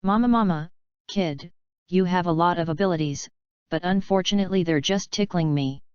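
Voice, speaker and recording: A woman's voice: fairly low pitch, normal speed, a little mellow, clear, resonant tone, no room sound, lightly acted. Woman reading as Charlotte Linlin, gloating pirate queen. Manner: gloating, mocking. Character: huge arrogant middle-aged woman pirate captain. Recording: dry, slightly dull lo-fi sound.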